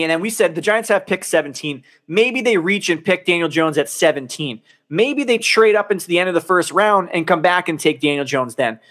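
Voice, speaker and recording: A man's voice: high voice, fairly bright tone. A man co-hosting a podcast, ranting in casual talk, exasperated and swearing a lot. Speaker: podcast co-host. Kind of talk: heated casual sports rant.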